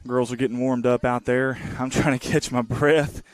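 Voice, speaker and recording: A man in his thirties giving casual, rambling live play-by-play of a softball game from the field outdoors. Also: mid-range voice, little pitch movement, normal speed. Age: 30s. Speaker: sports webcaster.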